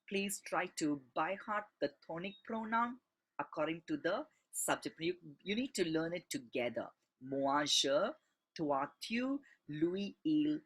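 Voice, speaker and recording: A man's voice: a little high, a bit bright, slightly rough. A man, a French teacher patiently walking students through a textbook exercise and spelling words out letter by letter. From India.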